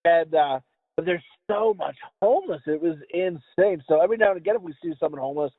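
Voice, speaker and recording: Man, high voice, rambling, profane, casual podcast chat, tinny phone-like sound, dry room. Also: lively intonation, fast talker, no room sound. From US East Coast. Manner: rambling, profane, stumbling over words. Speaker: podcast co-host.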